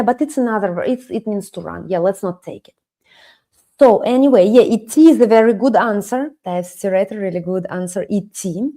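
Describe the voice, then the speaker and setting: A woman with a Russian accent teaching a live-streamed language lesson, explaining slowly and mixing English and Russian. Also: fairly high pitch, dark tone. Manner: slow, explaining, switching between English and Russian. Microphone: webcam stream.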